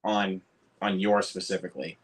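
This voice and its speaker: Young American man, low-pitched voice, loose rambling livestream chatter. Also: steady tone, normal speed, breathy edge. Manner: rambling, with frequent restarts. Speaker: livestream co-host, film reviewer. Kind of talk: casual livestream chat.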